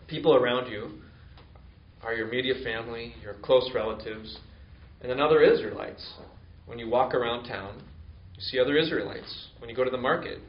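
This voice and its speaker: A man's voice: mid-range voice, recorded from a distance. A man preaching a sermon in a conversational way, full of fillers, acting out quoted excuses. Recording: echoey room, dull lo-fi sound.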